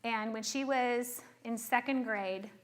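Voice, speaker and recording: A middle-aged woman with a fairly high voice talks as a therapist. She explains ideas earnestly to listeners, stopping often to ask whether they follow. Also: slow, slight background noise. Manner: earnest, checks in with frequent rhetorical questions. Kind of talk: explaining to an audience.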